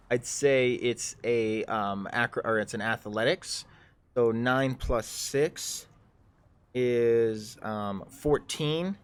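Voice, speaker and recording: A man's voice: medium pitch, slight background noise. A man narrating a tabletop game as game master in a loose, rambling way, full of ums and restarts.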